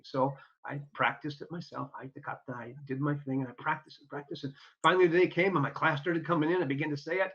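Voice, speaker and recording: A man's voice: fairly high pitch, steady tone, fast, few pauses, a bit bright, husky. A man guesting on an interview show, telling stories in an earnest, upbeat way and acting out the people he quotes. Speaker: podcast guest. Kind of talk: casual storytelling interview. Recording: dull lo-fi audio.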